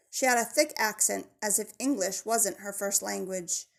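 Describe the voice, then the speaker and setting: A woman narrating a children's novel in a steady, measured storytelling voice. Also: mid-range voice, gravelly. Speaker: audiobook narrator.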